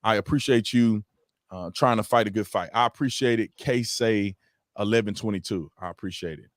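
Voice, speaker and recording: A man hosting a casual livestream chat, relaxed and prone to quick restarts. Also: fairly low pitch, dry recording, clean studio sound. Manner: relaxed, stumbling restarts, easy laughter. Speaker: host.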